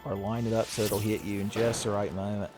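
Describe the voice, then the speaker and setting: Music plays in the background as this man narrates a let's-play in a lowish, flat voice at a slightly quick pace. He's a gaming video host whose commentary is joking and profane, broken up by frequent laughter.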